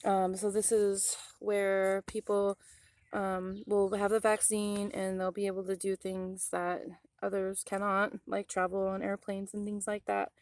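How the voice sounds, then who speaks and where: A woman rambles through an outdoor vlog near a forest, full of ums and asides to her viewers. Her pitch sits in the middle for a woman. The sound is close and dry, with no room echo. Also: flat delivery, a little slow. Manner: coos softly to an animal in a higher voice. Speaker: vlogger.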